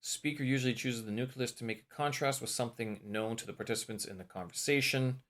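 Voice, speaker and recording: In a casual study vlog, a man teaching English reads his course notes aloud, thinking out loud and muttering self-deprecating jokes as he checks his answers. He talks fast in a mid-range voice with a slightly bright quality.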